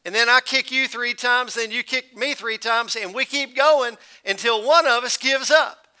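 A preacher voicing a rough, wise old male Texas rancher in a story, speaking slowly and bluntly. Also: very high voice, bright, forceful tone, heavily acted. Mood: drawling.

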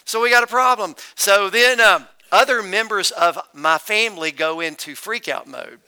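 A man's voice: high-pitched, moderate pace, sharp tone, clear, resonant tone. A middle-aged male pastor preaching a sermon in a conversational, joking storytelling manner.

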